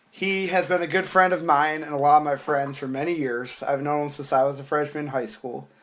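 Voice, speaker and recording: A man's voice: a little high, a bit bright. A young man co-hosting a casual podcast, agreeable and easygoing, laughing along. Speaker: podcast co-host.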